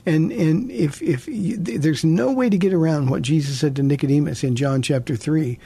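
Gravelly, earnest radio pastor. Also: male voice, on the high side, normal speed, dark tone. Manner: earnest, repeats words as he restarts. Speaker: radio pastor and call-in host. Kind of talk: call-in radio Bible teaching.

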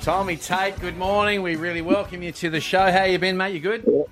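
A man's voice: high voice, steady tone, brisk, loud music behind the voice. A man co-hosting breakfast radio, enthusiastic and chummy with guests. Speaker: radio co-host.

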